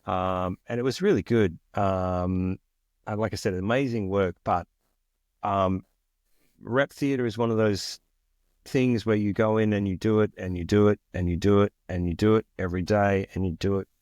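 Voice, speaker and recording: An Australian man in his forties telling stories from his career in a lively, chatty way, acting out the people he quotes. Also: on the low side, moderate pace, dry recording, clean studio sound. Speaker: guest. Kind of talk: casual storytelling interview.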